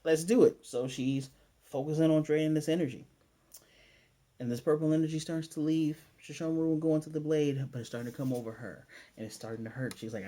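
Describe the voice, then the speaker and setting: A man in a casual anime review recaps an episode with eager, rambling enthusiasm. He restarts his sentences often and tosses in quick impressions of the characters. His voice stays warm and mellow throughout. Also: a little high.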